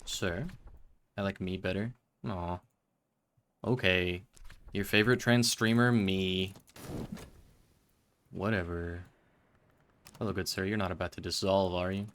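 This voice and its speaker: A man's voice: low-pitched, fairly bright tone. A man streaming a game, chatting to viewers in a rambling, self-mocking way. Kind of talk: casual live-stream chatter.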